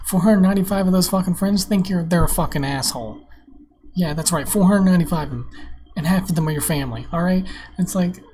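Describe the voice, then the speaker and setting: A man's voice: sits high, fast, mellow, a little hiss or hum. A young man hosting his own vlog, ranting bluntly and profanely to camera from his computer desk, preaching his views in a casual, rambling way. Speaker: vlog host. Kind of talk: casual solo rant to camera. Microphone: webcam on a monitor.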